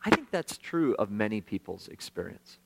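A man's voice: fairly low pitch, moderate pace, gravelly, husky. Conversational man preaching a testimony. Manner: conversational, self-deprecating, swings from hushed to animated. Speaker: pastor. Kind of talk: sermon storytelling.

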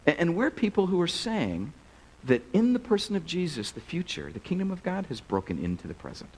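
A male pastor preaching to a crowded church. His pitch swings widely as he tells stories in a casual, animated way, full of loose filler words. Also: a little fast, a little hiss or hum, rough recording. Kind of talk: sermon with storytelling.

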